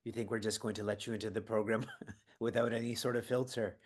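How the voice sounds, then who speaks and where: A man's voice: fairly low pitch, little pitch movement, fast talker, husky. A man running an online training session from his prayer room, asking the audience questions and laughing between points. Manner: engaging, asks the audience questions. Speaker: seva training guide.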